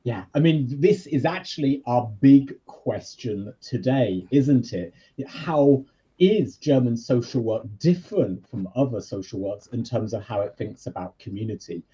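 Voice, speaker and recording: A man's voice: medium pitch, lively intonation, measured pace, warm tone, breathy edge, highs cut off. A man with a British accent, a university lecturer explaining his topic in a conversational way during a live online session.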